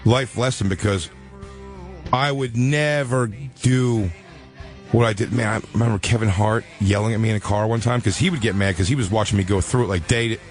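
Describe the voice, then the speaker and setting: A man's voice: fairly quick, soft background music. A man in his forties hosting a talk show, telling a personal story in casual chat and acting out the people in it. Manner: animated, acts out quotes with big pitch jumps. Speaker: podcast host.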